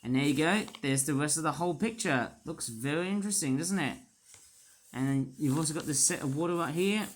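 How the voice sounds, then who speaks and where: Speaking fairly quickly in a slightly high voice, a man unboxes toy figures and reviews them, rambling with plenty of puns and fillers. The recording is rough.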